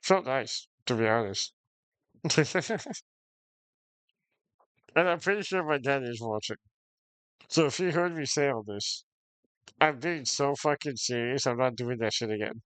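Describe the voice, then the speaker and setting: A man's voice: mid-range voice, expressive, a little slow, long pauses, a bit bright, clean tone, no room sound. Profane, frustrated streamer guy, dry sound. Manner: profane, frustrated, with frequent short laughs. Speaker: game streamer. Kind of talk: casual ranting to stream chat.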